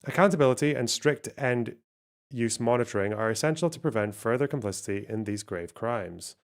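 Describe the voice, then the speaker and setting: A man's voice: mid-range voice, expressive, fairly quick. Man reading news on a live stream. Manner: reads articles aloud with dry asides.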